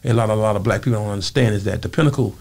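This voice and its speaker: A man imitating a calm male film star who gives advice in a low, measured, fatherly way. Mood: advising.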